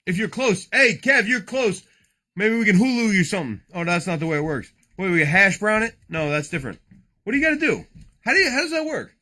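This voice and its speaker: Loud, animated man ripping card packs. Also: high-pitched, fairly quick. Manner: loud, joking, rambling, swears often. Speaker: card break host. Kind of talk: casual livestream card break.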